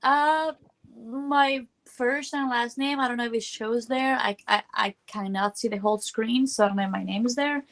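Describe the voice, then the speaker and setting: A woman, a former news reporter, guesting on a talk show over a video call, light and friendly and quick to laugh. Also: a little high, fairly even intonation, a bit bright.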